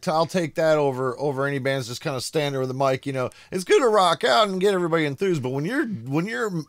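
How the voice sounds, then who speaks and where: An excitable American man hosting casual reaction commentary at home, bursting into shouts of amazement. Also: fairly high pitch, dry recording. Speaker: reaction video host. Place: home room.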